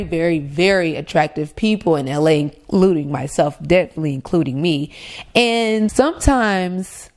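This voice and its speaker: A woman hosting her own show, telling a dating story in a candid, animated way and swearing freely. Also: fairly low pitch. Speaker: podcast host. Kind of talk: casual storytelling. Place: Los Angeles.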